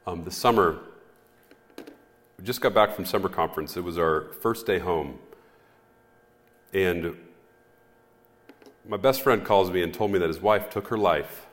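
A man preaching a sermon as pastor, in an earnest, measured way with pauses and fillers. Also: deep voice, a bit bright. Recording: echoey hall reverb.

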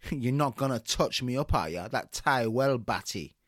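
A man's voice: mid-range voice, animated, measured pace, a bit bright, no echo, clean studio sound. A man playing a surly teenage boy who puts on crude street slang in a comedy sketch. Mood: sneering.

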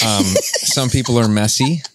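A man's voice: mid-range voice, a little slow, dry recording. Dry-humored man co-hosting a podcast. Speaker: podcast co-host. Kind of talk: casual chat.

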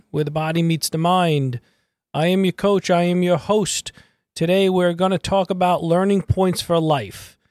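A man's voice: on the high side, darkish tone, no echo. Emphatic motivational podcast host, man. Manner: emphatic, repeats key phrases for emphasis. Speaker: podcast host and mindset coach.

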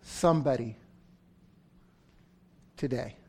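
A man preaching a sermon, swinging from loud outbursts to near-whispers, acting out story voices with humor. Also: mid-range voice, slow, husky. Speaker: pastor.

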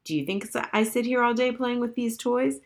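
A woman's voice: a little high, a little fast, voice pushed up, lightly acted. Woman playing a defiant eleven-year-old girl. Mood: exasperated. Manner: blunt, defiant, sulky. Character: spy-minded sulky 11-year-old girl.

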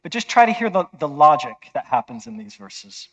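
A man's voice: high voice, animated, normal speed, vocal fry, a bit bright, dull audio. A man preaching a sermon in an emphatic, conversational way, often checking with listeners.

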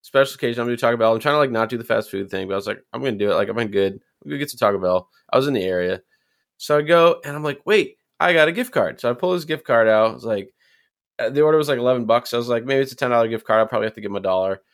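A man co-hosting a podcast, telling stories in an animated, excitable way. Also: medium pitch, creaky. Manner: animated storyteller, quick and excitable. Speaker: podcast co-host. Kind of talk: casual podcast chat.

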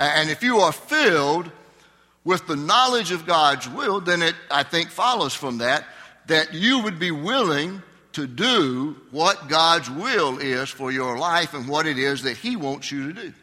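The voice is an older man's, on the high side, bright and forceful. As pastor, he preaches a conversational Sunday sermon in the sanctuary and asks the congregation questions, all with a long hall reverb.

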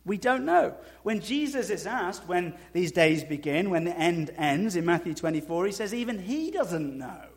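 A man preaching a sermon in a conversational way with dry humor, dropping to slow, soft emphasis and rising to loud, high asides. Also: big pitch swings. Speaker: pastor.

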